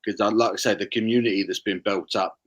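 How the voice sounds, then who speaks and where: A man's voice: on the low side, fairly even intonation, quick pace, a bit bright. A man co-hosting a casual live-stream chat, rambling in friendly banter.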